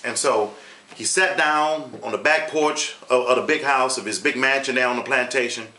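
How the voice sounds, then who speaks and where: A man's voice: medium pitch, normal speed, pushed and bright, echoey room. A man hosting his own online channel, telling a history story in a casual, emphatic way and repeating points for effect. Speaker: YouTube host.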